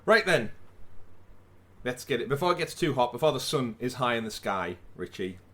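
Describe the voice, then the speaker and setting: A man's voice: mid-range voice, moderate pace. A man hosting a casual podcast, chatty and theatrical, recorded over a remote call. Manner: animated, theatrical build-ups. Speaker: podcast host. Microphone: remote call mic.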